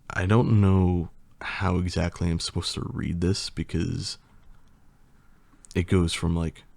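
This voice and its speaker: Male host, low gravelly voice, slow rambling casual talk, swears and laughs a lot. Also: a little mellow, dry recording. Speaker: channel host. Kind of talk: casual chat and reading a poem aloud.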